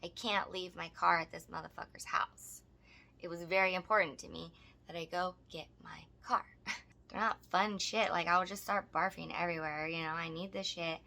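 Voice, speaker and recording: A woman's voice: fairly low pitch, fairly even intonation, moderate pace, vocal fry, pushed and bright. A woman co-hosting a podcast, telling a story casually with lots of swearing and emphasis. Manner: profane, emphatic retelling. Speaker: podcast co-host.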